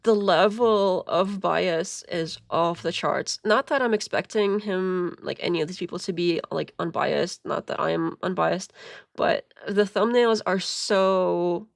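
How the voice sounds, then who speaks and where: A woman's voice: on the low side, measured pace, vocal fry, no echo, studio quality. A woman streamer commenting casually and sarcastically, rambling with many fillers and laughing at her own jokes. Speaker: streamer reacting to a call.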